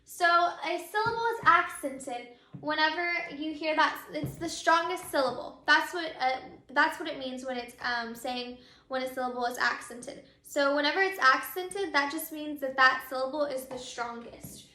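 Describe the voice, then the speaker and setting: Woman teacher, high bright voice, patient and repetitive, echoey room. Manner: patient, repeats and models words slowly. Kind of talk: grammar lesson.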